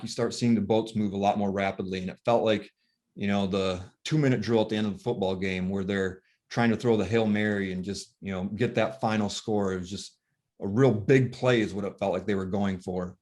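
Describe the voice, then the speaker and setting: A man recounting a painful family story as a father, talking softly and haltingly with many pauses and fillers, sounding worn and tired. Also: fairly low pitch, steady tone. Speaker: grieving father telling his story. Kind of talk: emotional personal storytelling.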